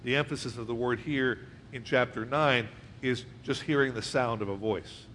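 A man's voice: medium pitch, moderate pace, a bit bright, slight background noise. A man preaching to a congregation, reading scripture aloud and explaining it conversationally, often asking his listeners questions. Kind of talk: verse-by-verse Bible teaching.

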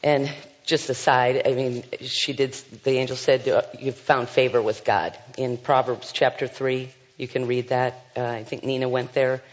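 A man's voice: medium pitch, little pitch movement, normal speed. A man leading a Bible study, reading scripture aloud and commenting with frequent fillers and asides. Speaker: Bible teacher. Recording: dull sound with long hall reverb.

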